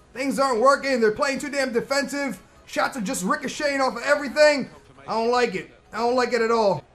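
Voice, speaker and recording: High-voiced excitable man over faint game music. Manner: excitable, shouts at the game, slangy. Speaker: gaming commentator. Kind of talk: game commentary.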